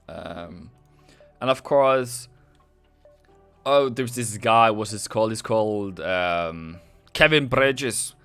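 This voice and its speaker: A man's voice: lowish voice, lively intonation, takes it slowly, long pauses, fairly bright tone, clear, resonant tone, dry recording, faint music behind. Live-stream host, man, Norwegian accent; casual, chatty, jokes with chat. Dry, close sound. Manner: joking, chatty, reads chat aloud.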